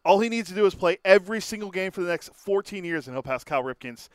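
A man's voice: high-pitched, animated, fast, clear, resonant tone, no room sound. A man co-hosting a sports talk show, looking up and reading out stats in a matter-of-fact way. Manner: matter-of-fact, reads out numbers.

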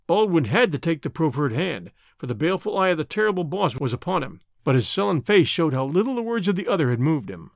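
A man narrates a classic detective story with a lively, expressive reading and a fairly high voice. The sound is close and dry, with no room around it. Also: fast talker, gravelly, hardly any pauses, no room sound. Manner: lively, dramatic reading that shifts pitch for dialogue. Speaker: audiobook narrator and podcast host. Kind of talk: audiobook reading with character voices.

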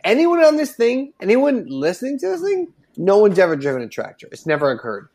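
A man's voice: high-pitched, wildly swooping pitch, fairly quick, a little mellow. A man from northwest Indiana chatting on a podcast, rambling and slangy, acting out little back-and-forth dialogues as he tells a story. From northwest Indiana, near Chicago. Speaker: podcast co-host. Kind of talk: casual podcast chat.

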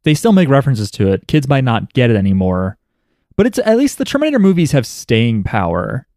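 Animated man, casual podcast chat. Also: medium pitch, a little fast, no room sound, clean studio sound. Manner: animated, joking, rambling. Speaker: podcast co-host.

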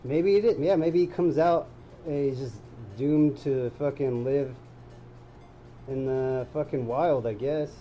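A man co-hosting a casual podcast chat, rambling through excited, profane speculation. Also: mid-range voice, measured pace, dull audio, faint music behind. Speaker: podcast co-host.

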